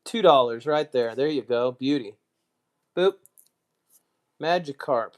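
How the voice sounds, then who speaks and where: Relaxed man muttering through a live stream. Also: mid-range voice. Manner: relaxed, muttering to himself, quick asides to chat. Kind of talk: casual live stream chat while sorting cards.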